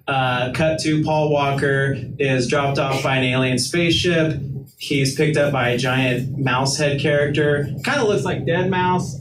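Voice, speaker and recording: A man being interviewed onstage as a guest artist, talking casually. He rambles in a laid-back way and fills his speech with filler words. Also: on the high side. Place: live event venue. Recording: roomy, distant mic, ambient noise.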